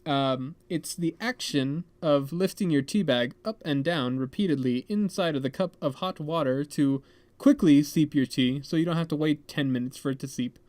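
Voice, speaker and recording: A young man hosting a podcast, telling a story in a rambling, animated way full of "like" and "man". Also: a little high, normal speed, dry recording. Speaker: podcast host. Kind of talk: casual storytelling.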